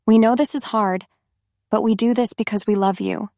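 A woman reading the lines of a calm, firm wife who speaks softly and with composure. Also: fairly high pitch, normal speed, no echo, studio quality, lightly acted. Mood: gentle firm. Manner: soft, composed and reassuring. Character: calm, firm older woman reforming her husband.

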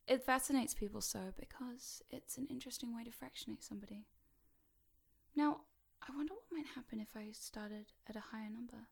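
A woman leading a playful hypnosis induction, teasing and mischievous, sliding between a soft whisper and a brighter speaking voice. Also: on the high side, moderate pace, gravelly, slightly rough.

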